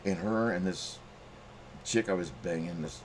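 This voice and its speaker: A middle-aged man with a low voice spins a long, profane story in a loose, rambling monologue. He often jumps into a louder voice to act out what others said. A faint ambient hum sits behind him. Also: unhurried. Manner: profane, rambling, acts out quotes in raised voice. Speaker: channel host telling a story.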